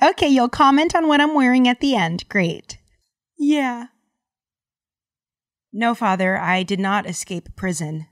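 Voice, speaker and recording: A young woman hosts a casual podcast from a studio, joking around and rambling playfully. Her voice sits high. She speaks into a studio microphone. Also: lively intonation, a little slow, long pauses. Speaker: podcast host. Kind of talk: casual chat.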